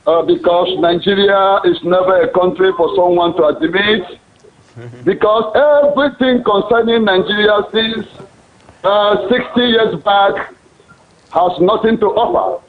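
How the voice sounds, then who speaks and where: A male caller speaking slowly and formally with pauses. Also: high voice. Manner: slow, deliberate, formal phrasing. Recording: tinny phone line.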